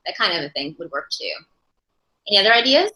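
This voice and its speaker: An ASL interpreting instructor teaches a class on interpreting, thinking aloud, searching for words, and restarting often. Her medium-pitched voice swings widely in pitch, quick, pushed, and bright, in an echoey room.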